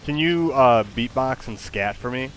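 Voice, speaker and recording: A man chatting casually with an AI, playful and halting, with fillers. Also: mid-range voice, lively intonation, faint music behind. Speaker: user chatting with an AI. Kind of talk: casual chat.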